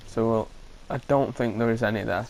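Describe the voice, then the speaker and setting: A man's voice: medium pitch, fairly even intonation, normal speed, creaky, darkish tone, a little hiss or hum, poor audio. A man, thinking aloud as he commentates his gameplay, hesitant and full of restarts, with an occasional cough. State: coughing now and then. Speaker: gaming commentator.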